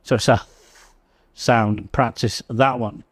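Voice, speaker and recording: A man teaching English pronunciation, slowly repeating example words with clear emphasis. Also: mid-range voice, fairly even intonation. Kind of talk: slow, careful pronunciation lesson.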